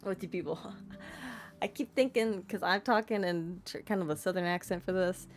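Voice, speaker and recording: A woman streamer with a fairly low voice at normal speed narrates a let's-play, reading the game's text aloud and breaking off for self-deprecating asides.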